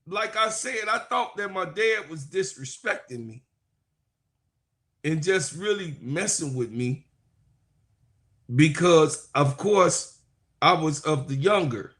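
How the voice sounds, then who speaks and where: A man hosting a sports live stream who reads chat comments and speaks in a preacherly way, repeating phrases for emphasis and swinging from low asides to loud, high proclaiming. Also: expressive, slow, long pauses. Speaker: sports talk host.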